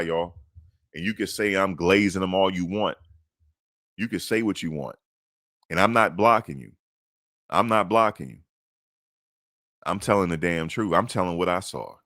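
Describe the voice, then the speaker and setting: Deep-voiced blunt sports host, man. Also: dry recording, clean studio sound. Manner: preachy and blunt, swears, swings to high excited pitch. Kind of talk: emphatic sports talk monologue.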